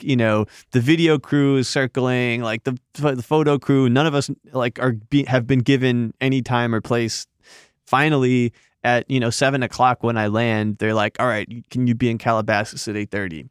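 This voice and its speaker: A man's voice: medium pitch, steady tone, normal speed, smooth, no room sound, studio quality. A man, a magazine editor, telling a rambling story in casual podcast chat, full of fillers and restarts.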